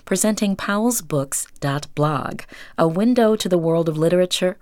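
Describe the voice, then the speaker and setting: Low-voiced female sponsor announcer. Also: animated, normal speed, a little mellow, no echo, clean studio sound. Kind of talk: scripted underwriting read.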